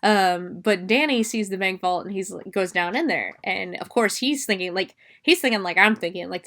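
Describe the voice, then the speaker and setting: A woman hosts a podcast and walks through a movie in a loose, chatty recap. Her voice sits at a middle pitch. She rambles from point to point and swears casually as she goes. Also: moderate pace, few pauses, fairly bright tone. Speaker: podcast host.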